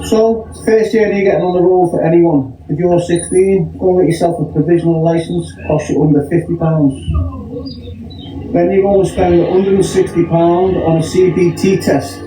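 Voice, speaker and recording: A man's voice: high voice, fairly even intonation, normal speed. A man giving matter-of-fact advice in a self-filmed clip. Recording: roomy, distant clip with faint music.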